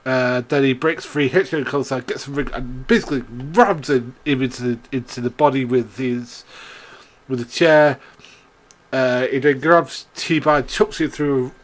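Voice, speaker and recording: A man's voice: mid-range voice, steady tone, unhurried. A young man giving a casual, rambling wrestling recap, often laughing and swearing, with lots of fillers and restarts. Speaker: wrestling show reviewer.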